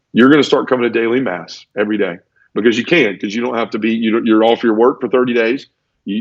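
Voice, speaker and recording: A man telling the story of his conversion in an earnest, emotional testimony, often repeating words as he goes. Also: fairly low pitch. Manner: earnest, repeats words, acts out quoted voices. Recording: dull lo-fi audio.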